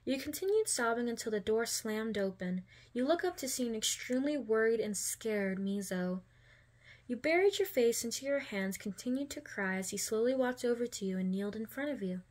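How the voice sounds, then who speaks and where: A woman hosting a channel and reading a second-person fan story aloud in a plain, steady storytelling voice. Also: fairly high pitch, normal speed. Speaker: fanfiction reader.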